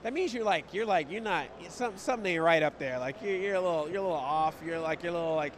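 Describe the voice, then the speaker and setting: A man's voice: a little high, fast talker, slight background noise. An American man, a comedian guest, riffing playfully with laughs and silly voices in a casual outdoor interview. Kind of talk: playful improvised chat. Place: outdoors at a busy convention.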